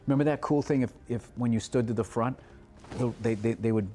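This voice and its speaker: A man's voice: mid-range voice, fairly quick. A man who is a stand-up comedian, telling stories in casual chat, swearing a lot and acting out the people he quotes. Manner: animated storyteller, heavy swearing, acts out quotes.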